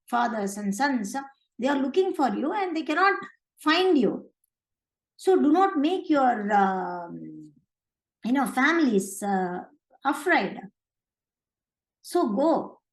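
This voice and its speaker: A woman's voice: on the high side, reverberant, rough recording. A woman retelling a scripture story in conversational English, with many fillers and restarts.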